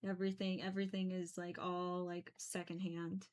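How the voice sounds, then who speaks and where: A woman's voice: fairly low pitch, level tone, normal speed, a little mellow. A young woman chatting casually while she paints, rambling with many fillers and small giggles. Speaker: painting streamer.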